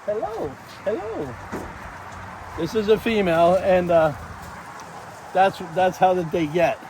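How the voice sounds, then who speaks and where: Easygoing high-voiced man rambling outdoors. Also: unhurried, poor audio. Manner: rambling, easygoing, talks to his animals. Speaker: vlog host. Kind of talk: casual chat. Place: outdoor backyard. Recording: outdoor noise.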